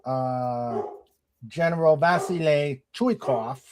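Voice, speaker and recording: Man with a high voice, noisy background. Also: slow. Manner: reads out comments, short agreeing interjections. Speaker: show host reading chat comments. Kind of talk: casual chat.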